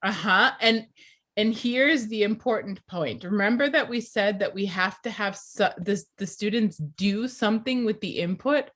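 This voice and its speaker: Woman teaching a class, clear and deliberate. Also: medium pitch, fairly bright tone. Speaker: teacher trainer. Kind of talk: class lecture.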